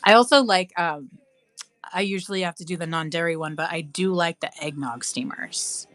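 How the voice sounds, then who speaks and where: A woman's voice: lowish voice, moderate pace, a bit bright, dry recording. A woman chatting casually on a live craft stream, cooing and squealing with delight as she works. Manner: bubbly, coos and squeals over her craft.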